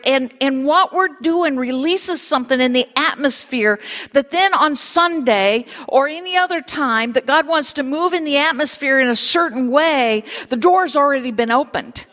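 A woman with an Indiana accent, leading a lively prayer and sermon in a church sanctuary. Her voice sits high and bubbles with excitement, full of repeated words. It rings out with a long hall echo. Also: moderate pace. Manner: exuberant, repeats words, laughs often. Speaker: minister leading a church service.

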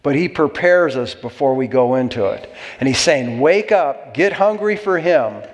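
A man's voice: mid-range voice, lively intonation, moderate pace, long reverb tail, lo-fi sound. A man preaching a sermon as pastor, exhorting and calling for amens from the congregation.

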